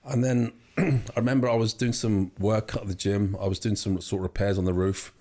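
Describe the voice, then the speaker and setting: A man's voice: lowish voice, steady tone, brisk, a little mellow. A young man telling his story as an interview guest, rambling with many fillers and restarts. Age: young adult. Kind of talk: casual storytelling.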